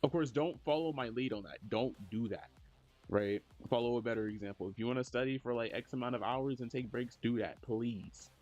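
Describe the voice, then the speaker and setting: A man's voice: a little fast, darkish tone, muffled recording. Laid-back young man streamer chatting. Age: young adult. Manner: laid-back slangy talk, jumps high when teasing chat. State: low energy. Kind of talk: casual livestream chat reading messages.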